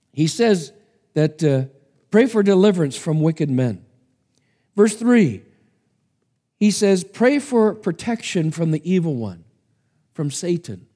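Man, preacher, sermon, dramatic, slightly high voice, long hall reverb. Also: mellow. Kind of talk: sermon with a dramatic story reading.

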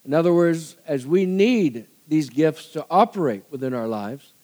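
A middle-aged pastor delivers his sermon in a slightly higher-than-usual male voice. He talks in a loose, conversational way, laughing often and putting on the voices of the people in his stories. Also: expressive, normal speed, mellow. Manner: chatty, laughs often, acts out quoted people. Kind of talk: sermon with storytelling.

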